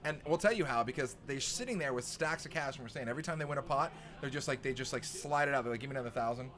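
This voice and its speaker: Animated, high-voiced poker commentator. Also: male voice, fast talker. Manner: animated, joking banter. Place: commentary booth.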